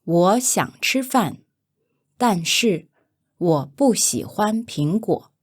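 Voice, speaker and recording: Female pronunciation model, very slow and deliberate, lively tones, dry close mic. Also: mid-range voice, husky, no echo. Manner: careful, deliberate enunciation, each phrase said twice. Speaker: native-speaker model for pronunciation. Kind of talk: slow repeated pronunciation examples.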